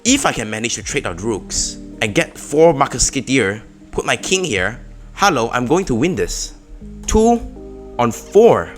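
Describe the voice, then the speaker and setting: Excitable chess vlogger, lively voice. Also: male voice, normal speed, faint music behind. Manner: excitable, swings into loud high outbursts. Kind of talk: casual game commentary.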